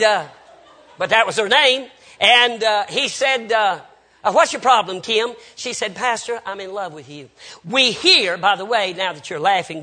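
A Baptist preacher man tells folksy stories in his sermon and acts out both sides of every exchange. His voice sits high for a man and rings bright and sharp. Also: breathy edge. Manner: folksy anecdotal storytelling with quoted dialogue. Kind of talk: storytelling sermon.

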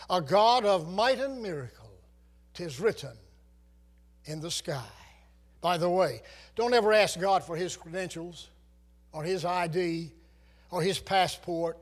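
A man preaching a sermon, reciting scripture with dramatic, swelling emphasis. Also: high-pitched.

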